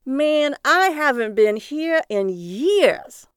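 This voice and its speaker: A woman voicing a brash, talkative middle-aged male cab driver who needles his passenger in a loud, sing-song way. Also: sits high, big pitch swings, moderate pace, clean tone, dry recording, clean studio sound, voice pushed up. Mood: needling.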